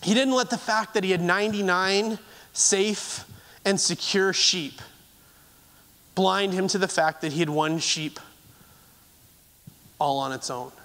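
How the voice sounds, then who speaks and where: A man preaching a sermon in an earnest, halting way, often restarting his phrases and moving between raised and hushed delivery. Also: high voice. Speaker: pastor.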